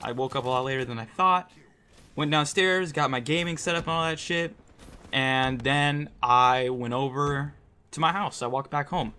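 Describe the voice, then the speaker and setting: A man's voice: mid-range voice, moderate pace, pushed and bright, clean tone. A young man casually telling a personal story, rambling and swearing a lot, with frequent "like" and "right?". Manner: rambling, profane, lots of "like" and "right?".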